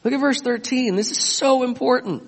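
A man's voice: very high voice, moderate pace, big-room sound. A man preaching a sermon as pastor, emphatic and often asking his listeners questions. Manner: emphatic, asks the congregation questions.

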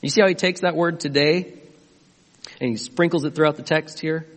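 Emphatic high-voiced male pastor preaching. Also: fairly even intonation, fairly quick, long reverb tail. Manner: emphatic, asks the congregation questions. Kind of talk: sermon.

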